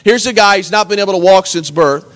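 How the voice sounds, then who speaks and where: A man's voice: high-pitched, fast talker, a bit bright. A man preaching a sermon as pastor, earnestly reading scripture and retelling it in everyday words. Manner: earnest preaching, reads scripture aloud and retells it in plain talk.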